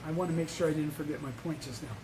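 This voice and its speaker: A man's voice: a little high, steady tone, rapid-fire. A man leading an informal Buddhist study lecture, blunt and emphatic, who keeps putting questions to the group. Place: indoor meeting room, live-streamed. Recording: echoey room with faint noise.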